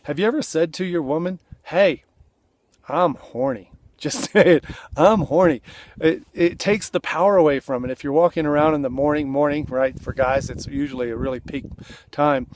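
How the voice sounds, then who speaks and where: Man, relationship coach, earnest, conversational, slightly high voice, seated indoors. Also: steady tone, a little fast, a little mellow, a little hiss or hum. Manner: earnest, conversational, acts out sample lines. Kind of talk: direct-to-camera coaching talk.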